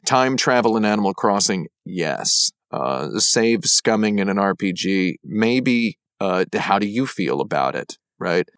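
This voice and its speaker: A man's voice: lowish voice, very animated, unhurried, hardly any pauses, fairly bright tone, clean tone, no echo, clean studio sound. A man on a podcast panel, telling rambling stories full of fillers in casual chat. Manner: rambling storyteller with many fillers.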